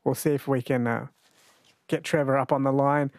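A man hosting a late-night radio quiz, chatty and quick to laugh, slowing down to read each question. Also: mid-range voice, steady tone, no echo. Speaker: radio host. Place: radio studio. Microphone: studio microphone.

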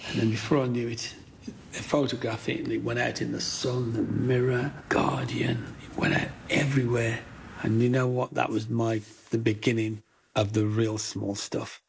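An older man, a guest in an interview, telling his life story with lively acted-out quotes. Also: mid-range voice, moderate pace, vocal fry, slight background noise. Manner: animated storyteller acting out quoted voices.

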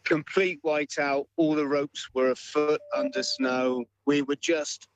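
Measured man recounting a climb. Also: on the high side, fairly even intonation, dry recording, faint music behind, low-quality recording. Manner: measured, hesitant with fillers. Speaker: mountaineer guest. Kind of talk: remote interview answers.

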